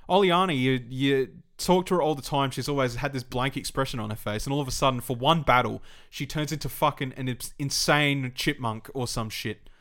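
Animated, foul-mouthed man. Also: mid-range voice, moderate pace. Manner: animated, swears freely, breaks into mock voices. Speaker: podcast co-host. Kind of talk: casual gaming podcast chat.

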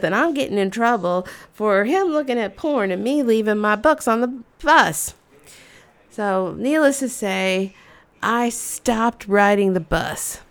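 A woman in her fifties hosts and tells a funny story from her own past. She talks in an animated, conversational way. Her delivery is dramatic, with sudden loud bursts between quieter asides. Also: on the high side. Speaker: storyteller host. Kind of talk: comedic personal storytelling.

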